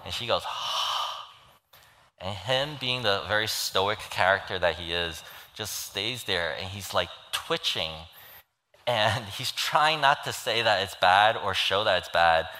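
A man's voice: lowish voice, measured pace, sharp tone. A man preaching a sermon in earnest, pleading tones, retelling a story and acting out its voices. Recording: long hall reverb.

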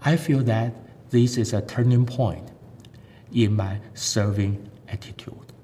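A man giving a sermon testimony, earnest and halting, with frequent fillers and non-native grammar. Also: dark tone. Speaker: lay preacher giving testimony. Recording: echoey hall with faint rumble.

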